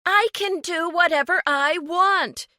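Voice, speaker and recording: A woman's voice: a little high, measured pace, a bit bright, dry recording, clean studio sound, pitched above the performer's own voice. A woman voicing a grieving, earnest woman who asks pointed questions and grows defiant.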